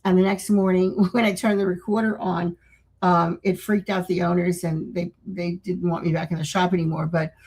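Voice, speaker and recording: Older woman guest, husky, rambling storyteller with lots of restarts. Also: fairly low pitch, level tone, normal speed, darkish tone, rough recording. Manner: rambling, with many restarts and acted-out quotes. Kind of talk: casual interview storytelling.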